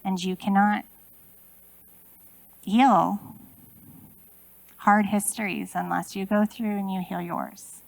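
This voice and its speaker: A woman's voice: mid-range voice, fairly even intonation, slow, vocal fry, pauses often, dry recording, poor audio. A woman in her forties giving a conversational keynote talk, asking her audience many rhetorical questions. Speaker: keynote speaker. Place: conference room.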